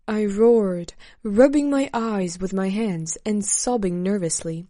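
A woman slowly narrating a first-person memoir in a measured storytelling manner. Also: mid-range voice, warm tone, no echo, clean studio sound.

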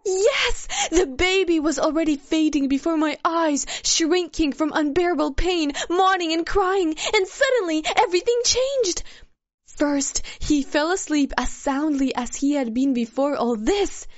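Very high, loud voice of an overjoyed young mother, as a woman narrator puts her on. She is breathless and rushes her exclaiming words, heard over a phone on a dull, muffled recording. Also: no room sound. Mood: ecstatic. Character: overjoyed young mother shouting good news.

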